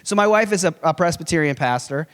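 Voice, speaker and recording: A man in his forties, giving a conference lecture in a conversational, animated way with humorous storytelling. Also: on the high side, fast, clean tone. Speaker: conference speaker. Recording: long reverb of a large hall.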